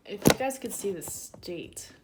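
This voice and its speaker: A woman in her twenties chats casually and crudely through her makeup routine in a room at home, saying "like" constantly. Her mid-range voice is animated and measured in pace, heard over loud music.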